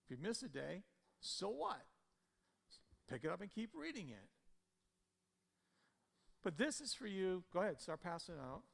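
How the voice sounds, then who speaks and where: A male pastor preaching a sermon, swinging between loud emphatic peaks and soft conversational storytelling. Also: high voice, sing-song, normal speed, vocal fry, long pauses. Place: church sanctuary. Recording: church hall reverb with soft guitar.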